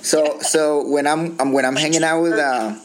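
A man from Colombia co-hosting a podcast in playful casual chat, quick to laugh. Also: a little high, fairly even intonation. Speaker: podcast co-host.

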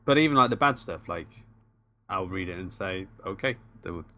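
Man, podcast co-host, teasing, laid-back, casual chat, fairly low voice. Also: animated, moderate pace, bright, forceful tone.

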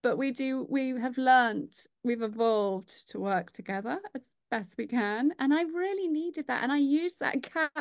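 High-voiced chatty woman. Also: unhurried, hardly any pauses, no room sound, studio quality. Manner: chatty, reflective. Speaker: podcast host. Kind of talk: casual conversational interview.

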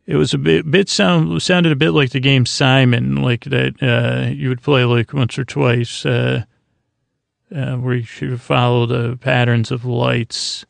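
A man hosting a sleep podcast, recapping an episode in a low-key, rambling way, full of fillers and restarts. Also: level tone, a little slow, creaky, no echo. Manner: low-key, drowsy delivery. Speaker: podcast host.

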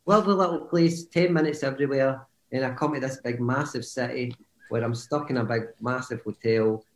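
A man who played football, a guest on a podcast, telling relaxed stories and laughing easily. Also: mid-range voice, a little fast, reverberant. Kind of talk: casual chat.

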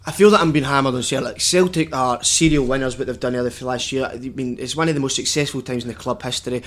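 A quick, excitable man in a casual football podcast, rattling off stories with swearing and restarts. His voice sits in a middle register and his words tumble out fast. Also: mid-range voice. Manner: excitable storyteller, swears and repeats himself. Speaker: podcast co-host, former footballer.

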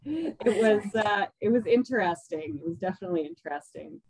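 A woman's voice: mid-range voice, expressive, a little fast, a little mellow, husky, no room sound, rough recording. Woman talking candidly, dry close sound. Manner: laughs often, trails off with fillers. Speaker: podcast guest. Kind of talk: casual conversation.

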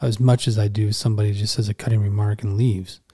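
A man's voice: lowish voice, flat delivery, fast talker, mellow. A man in a casual church talk, earnest, who repeats phrases for emphasis.

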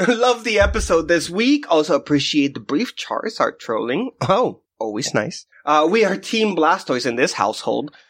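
A man co-hosting a podcast in casual chat, an animated storyteller who laughs often. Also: fairly high pitch, moderate pace, husky. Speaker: podcast co-host.

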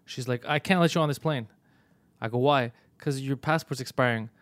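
A Canadian man on a podcast telling a story in casual chat, acting out both sides with lively energy. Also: mid-range voice, a little fast, no room sound. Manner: animated, acts out both sides of his story. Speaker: podcast host.

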